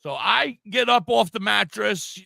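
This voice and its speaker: A man's voice: high-pitched, expressive, unhurried, creaky, pushed and bright, dry recording. An older man co-hosting a podcast, telling a funny story in a casual chat and laughing as he goes. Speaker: podcast co-host.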